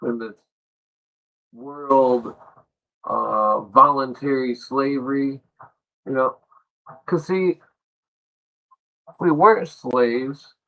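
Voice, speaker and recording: A man's voice: mid-range voice, a bit bright, rough recording. Angry swearing man ranting. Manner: angry, sarcastic, heavy swearing. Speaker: livestream host. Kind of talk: profane political rant.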